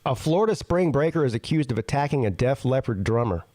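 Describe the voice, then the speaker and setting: A man's voice: medium pitch, lively intonation, quick pace, warm tone, dry recording. A man hosting a live sports talk stream, chatting casually with frequent stammers and restarts. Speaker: sports show host.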